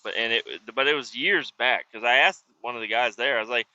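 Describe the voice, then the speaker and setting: A man's voice: medium pitch, a little fast, bright, forceful tone. A man who works roadside service, telling rambling, profane stories in a casual vlog. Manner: profane, loose, drifting between stories. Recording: dull lo-fi sound with faint background ambience.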